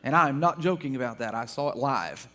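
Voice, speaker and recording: A man from Texas, a guest speaker, telling funny anecdotes to an audience in an animated way. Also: medium pitch, a little fast. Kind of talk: storytelling talk to an audience.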